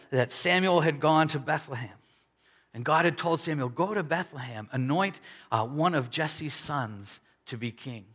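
A man preaching a sermon, conversational and animated, voicing the people in his story. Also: medium pitch. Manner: conversational preaching with dramatic quoted dialogue. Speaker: pastor. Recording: long hall reverb.

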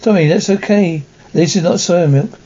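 Young farm girl, read by a dude, kinda high voice, gravelly, muffled lo-fi. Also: normal speed, warm tone. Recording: dull lo-fi recording.

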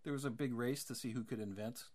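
A woman's voice: extremely low pitch, fast, darkish tone. A woman co-hosting a casual podcast chat, matter-of-fact with dry jokes. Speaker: podcast co-host.

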